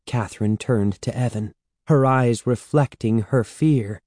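A man narrating an audiobook in slow, measured storytelling, close to the mic. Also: medium pitch, a little mellow, dry recording. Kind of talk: scripted narration.

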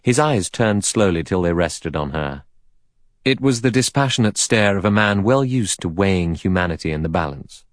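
A man's voice: deep voice, lively intonation, normal speed, dry recording, studio quality. A man narrating an audiobook steadily and evenly.

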